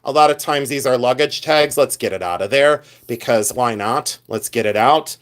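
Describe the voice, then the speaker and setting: A man's voice: medium pitch, normal speed. A middle-aged man hosting a live reseller stream, chatting animatedly and reading viewer comments aloud as he shows his finds. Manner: mimics shouting collectors for laughs. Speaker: reseller host. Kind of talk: live-stream show-and-tell chat.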